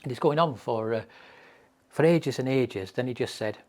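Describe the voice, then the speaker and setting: A man's voice: mid-range voice, moderate pace, darkish tone. A man giving a mental health training lecture, telling case stories with emphatic repetition.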